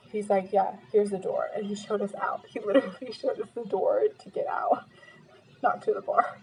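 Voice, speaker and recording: A young American woman talks casually while eating, her story full of fillers and asides. Her pitch is mid-range for a woman, and a faint background hiss sits under her voice. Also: gravelly, dark tone, poor audio. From United States. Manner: chatty storytelling, many fillers, eating between lines. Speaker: vlogger.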